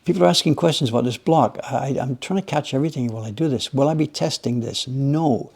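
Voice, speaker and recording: A man hosting a livestream from his workshop, chatting with viewers in a rambling, animated way while he works on a carving. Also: mid-range voice, fast, creaky. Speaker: livestream host, woodblock carver. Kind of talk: casual chat while working.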